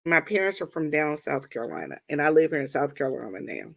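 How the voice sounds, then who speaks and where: A woman's voice: deep voice, very animated, quick pace, vocal fry, fairly bright tone. A woman from Washington, D.C. hosting a livestream, chatting casually with viewers and telling stories, calling them y'all. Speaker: livestream host.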